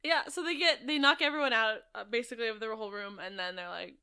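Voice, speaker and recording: A woman's voice: a little high, quick pace, sharp tone, clear, resonant tone. A woman co-hosting a casual movie chat, laughing often as she recounts scenes. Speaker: co-host.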